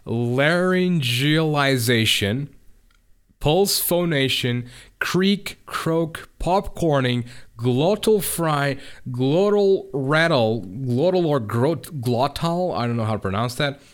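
A man's voice: mid-range voice, expressive, slow pace. A young man in casual chat, explaining things in a rambling, stop-start way.

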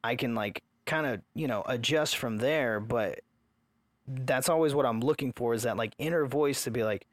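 A man's voice: mid-range voice, moderate pace, dry recording. A man in casual podcast chat about parenting, earnest and opinionated, swearing for emphasis. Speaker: podcast co-host, father.

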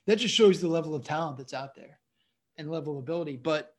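Chatty comedian man, slightly high voice. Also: lively intonation, quick pace. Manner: rambling storyteller, keeps saying "you know what I mean". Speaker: guest comedian. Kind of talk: casual interview chat.

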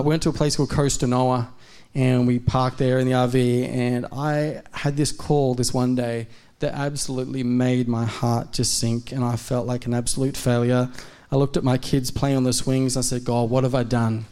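Animated man preaching a sermon. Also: medium pitch, smooth. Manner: animated, acts out quoted dialogue. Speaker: guest preacher. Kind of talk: live sermon storytelling. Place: church service.

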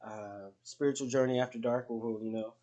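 Middle-aged guy rambling on his podcast, easygoing, cusses a lot, normal pitch. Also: steady tone, fairly quick, mellow. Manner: rambling, loose, swears freely. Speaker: podcast host. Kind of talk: casual podcast chat.

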